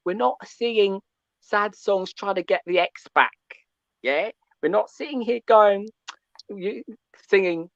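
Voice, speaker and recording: A man calling in to a fan show, ranting in an animated, preachy way and often asking "yeah?". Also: high voice, no room sound, muffled recording. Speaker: caller. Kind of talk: call-in fan rant.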